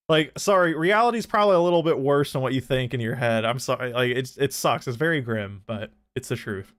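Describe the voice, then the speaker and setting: A young man hosting a livestream, chatting casually and profanely, with many restarts and animated outbursts. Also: mid-range voice, moderate pace, no echo. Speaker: streamer host.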